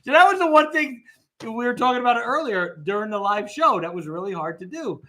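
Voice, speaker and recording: An excitable man co-hosts a live chat show, his voice high and bright, with a lively swing in pitch. He trips over his words and restarts as the ideas pile up. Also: a little fast. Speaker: podcast co-host. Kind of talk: casual live-stream chat.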